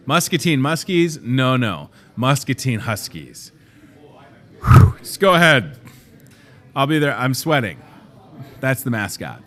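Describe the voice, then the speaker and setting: A man's voice: medium pitch, fairly bright tone. A man hosting a casual promo show from inside a grocery store, chatty and joking as he shows off products. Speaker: host.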